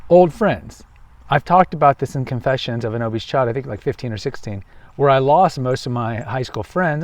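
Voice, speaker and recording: A man's voice: medium pitch, darkish tone, no room sound. Texan guy rambling on a walk outside, emphatic, keeps restarting, acts out other people now and then. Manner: emphatic, self-correcting, acts out quoted voices. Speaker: podcast host. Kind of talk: outdoor monologue. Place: outdoors on a waterfront path.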